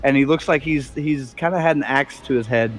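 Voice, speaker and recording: A man narrating a tabletop role-playing game as game master, animated and laughing often. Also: medium pitch, brisk, faint music behind. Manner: animated, laughing often, puts on character voices.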